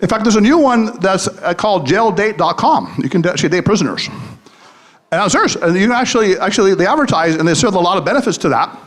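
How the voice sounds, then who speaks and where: A man's voice: high-pitched, animated, fast, fairly bright tone. A man, a psychologist and podcast host, giving a live comedic talk, telling jokes and anecdotes and questioning the audience. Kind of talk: comedic motivational speech.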